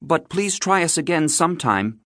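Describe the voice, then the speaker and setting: A man voicing an irritated young boy who fakes polite phone manners in quick, clipped bursts. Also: on the high side, lively intonation, fairly bright tone, no room sound, studio quality, voice pushed up. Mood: hurried.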